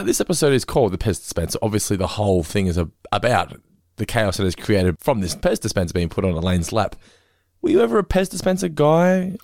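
A man's voice: fairly low pitch, no room sound, studio quality. A man in his thirties with an Australian accent, co-hosting a casual podcast chat, telling stories and acting out the people in them. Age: 30s. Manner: animated storytelling, swears casually, acts out quoted people. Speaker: podcast co-host.

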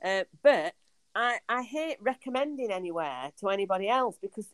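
A woman's voice: medium pitch, lively intonation, moderate pace, a loud crowd. A middle-aged woman co-hosting a podcast in casual chat, often repeating words and ending on tag questions. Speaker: podcast co-host.

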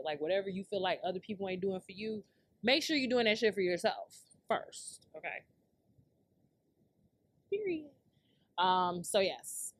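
A woman hosting her own podcast, telling a blunt, profane story and laughing often. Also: lowish voice. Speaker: podcast host. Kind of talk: casual storytelling rant.

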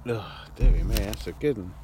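A man's voice: fairly low pitch, normal speed, dark tone, slight background noise. A man co-hosting a podcast in casual banter, rambling and repeating himself, often laughing. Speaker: podcast co-host.

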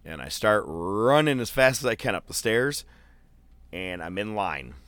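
Deep-voiced man telling a loose story. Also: unhurried, clean tone, dry recording. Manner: loose, profane storytelling with a lot of fillers; animated, jumps into high-pitched quoted voices. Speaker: podcast co-host. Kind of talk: casual chat.

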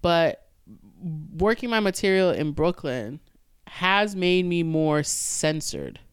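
Woman stand-up guest, lively storyteller, crisp voice, dead-dry studio sound. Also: fairly low pitch, slow pace, no room sound. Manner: animated storyteller, swears freely, acts out crowd quotes. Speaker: comedian guest. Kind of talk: casual podcast chat.

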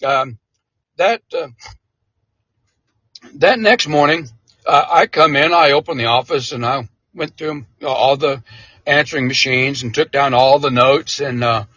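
A man, a military veteran, telling a casual anecdote in an interview, animated and chuckling often. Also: medium pitch, unhurried, long pauses, breathy edge, no echo, muffled recording.

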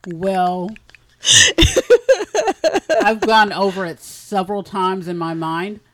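A woman's voice: on the low side, steady tone, takes it slowly. A woman co-hosting a podcast, teasing the others with dry quips. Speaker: podcast co-host. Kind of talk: casual chat.

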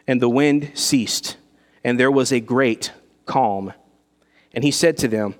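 A man delivering an expository sermon to his congregation, often putting rhetorical questions to them. His voice sits at an ordinary middle pitch, and a long reverb trails his words through the hall. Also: animated, measured pace, darkish tone. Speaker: pastor.

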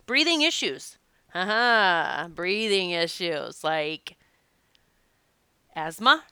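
A woman who works as a past life regression practitioner, talking casually to her audience and telling stories in an animated, emphatic way. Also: lowish voice, very slow, clean tone, no echo. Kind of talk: casual spoken talk to an audience.

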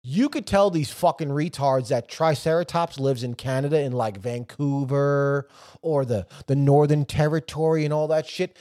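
A man's voice: a little high, normal speed. A man co-hosting a podcast in casual chat, rambling and swearing a lot. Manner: profane, rambling, animated storytelling. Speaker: podcast co-host.

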